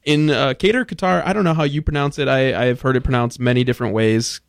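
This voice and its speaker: A man hosting a casual radio chat, chatty and quick to laugh, with many fillers. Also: medium pitch, fairly even intonation, smooth, no room sound, studio quality. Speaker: radio host.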